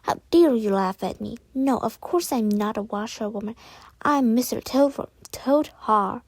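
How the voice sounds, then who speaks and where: A vain, excitable storybook toad who whines one moment and boasts the next, put on by a woman reading aloud. His voice is pitched up and husky. The recording is dry and close. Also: a little slow, dry recording, full character voice. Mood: indignant. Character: boastful male toad in disguise.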